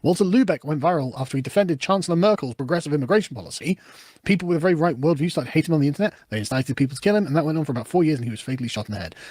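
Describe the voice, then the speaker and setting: A man commenting on news clips in a sarcastic, swearing, animated rant. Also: on the high side, no echo, studio quality. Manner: fast, animated, sarcastic, swears and laughs often. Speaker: political commentator.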